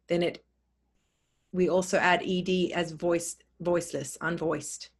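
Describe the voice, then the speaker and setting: A woman teaching a pronunciation lesson, saying words slowly and clearly, repeating them and spelling them out letter by letter. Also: lowish voice.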